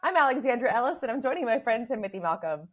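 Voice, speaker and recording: A woman co-hosting a casual podcast, bubbly and animated, with lots of "like" as she tells stories. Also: fairly high pitch, fast talker. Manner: bubbly, animated storyteller, says "like" often. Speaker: podcast co-host.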